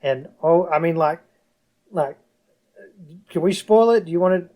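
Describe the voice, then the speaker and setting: Young man, podcast co-host, slightly high voice, repeats words, gets animated. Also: unhurried, highs cut off. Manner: repeats words, animated when retelling reactions. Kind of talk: casual podcast review chat.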